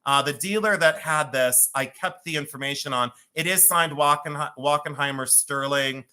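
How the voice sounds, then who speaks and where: A man in his fifties with a Cleveland accent sells jewelry on a live stream, chatting, joking, rambling and laughing often. His voice sits a little high, with a sharp tone and a moderate pace.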